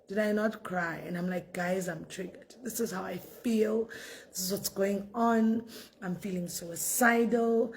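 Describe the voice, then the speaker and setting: A woman's voice: darkish tone, a little hiss or hum. A woman in her thirties telling an emotional personal story in a tearful, subdued voice. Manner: tearful, repetitive, speaking in a low subdued voice. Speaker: foundation founder sharing a personal story.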